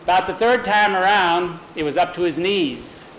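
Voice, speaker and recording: A man telling a folksy story in a lively way, putting on voices for each figure. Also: high voice, normal speed. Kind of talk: oral storytelling. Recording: roomy echo, faint noise.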